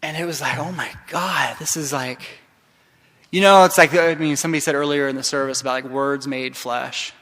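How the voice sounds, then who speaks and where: A man giving a conference keynote, telling a story with passion, dropping to a hush and then rising loud. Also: mid-range voice, fairly even intonation, a little fast. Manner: impassioned, shifts from hushed to loud. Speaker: keynote speaker. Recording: long hall reverb.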